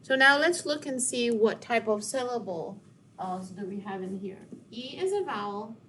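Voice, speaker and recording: A woman teacher giving a recorded word study lesson to children, speaking slowly and deliberately and sounding out words syllable by syllable with encouragement. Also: fairly high pitch, fairly bright tone, slight background noise. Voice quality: slow, deliberate classroom delivery, stretching out words.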